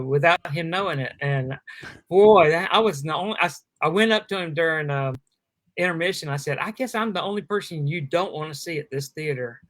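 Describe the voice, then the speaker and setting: A man who is a guest comedian on a podcast, telling animated anecdotes and acting out quotes in casual chat. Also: fairly high pitch, no room sound.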